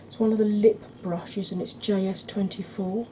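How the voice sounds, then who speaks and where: A woman explaining her makeup steps in a soft, chatty ASMR tutorial, often clearing her throat. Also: mid-range voice, little pitch movement, normal speed, slight background noise, low-quality recording. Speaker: beauty vlogger.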